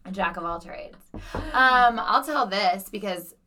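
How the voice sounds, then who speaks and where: A woman who is an elementary school principal, co-hosting a podcast, telling stories in an animated, chatty way full of "like" fillers. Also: mid-range voice, slow. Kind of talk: casual chat and storytelling.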